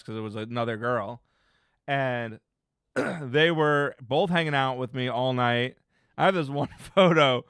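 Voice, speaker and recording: A man's voice: mid-range voice, fairly bright tone, clean tone, dry recording, clean studio sound. A man in his thirties chatting casually on a live stream, rambling and laid-back, often laughing and trailing off into mumbles.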